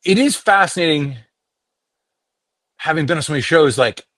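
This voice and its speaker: Animated man telling stories. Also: a little high, normal speed, dry recording, clean studio sound. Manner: animated, slips into impressions while telling stories. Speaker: voice actor guest. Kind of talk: storytelling interview talk.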